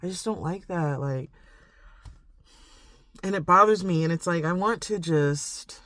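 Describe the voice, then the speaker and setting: A woman's voice: lowish voice, measured pace, a bit bright, no echo, studio quality. A woman vlogging a rambling, reflective monologue, full of "like" and "you know". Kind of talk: confessional casual monologue to camera.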